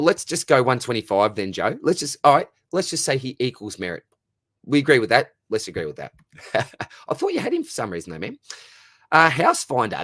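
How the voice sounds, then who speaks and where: An Australian man hosts a casual livestream and answers viewers one by one. He is warm and matey, repeating words as he goes, at an everyday middle pitch. The sound is dry, with no room echo. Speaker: livestream host answering chat. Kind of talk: casual live-stream chat.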